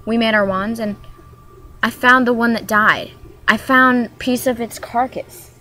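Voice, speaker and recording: A woman's voice: on the high side, fairly even intonation, unhurried, sharp tone, a little hiss or hum. A woman from Maryland chatting casually in a vlog, talking in a hyper, rambling way that jumps from topic to topic. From Maryland, USA. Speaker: vlogger.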